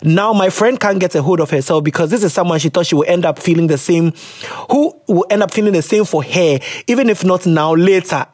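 Young podcast host, animated and swearing freely, dry close mic. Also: medium pitch, quick pace, no echo. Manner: animated, laughing, swearing, switching into local phrases. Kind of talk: casual chat reading listener letters.

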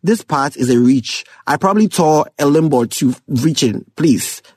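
A young man giving casual, excitable commentary on songs, laughing often and rapping lyrics aloud. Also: a little high, normal speed, breathy edge, no room sound. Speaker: music reviewer. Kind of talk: casual music reaction commentary.

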